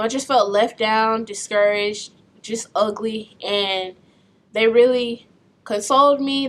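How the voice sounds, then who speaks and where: A young woman recounting a painful family story in a personal vlog, speaking softly and in a subdued way. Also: mid-range voice.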